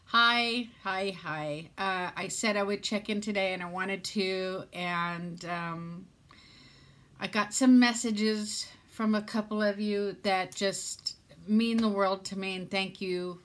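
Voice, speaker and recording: A woman's voice: mid-range voice, fairly even intonation, slow pace, fairly bright tone. An older woman from Southern California, chatting to camera in a rambling, self-mocking way, seated at home. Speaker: vlogger. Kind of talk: casual chat to camera. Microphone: phone or camera.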